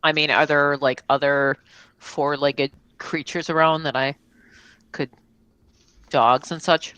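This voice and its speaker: A woman's voice: low voice, steady tone, slow pace, fairly bright tone, smooth, no room sound, rough recording. A woman playing her character in a tabletop game, curious and full of questions. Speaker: player.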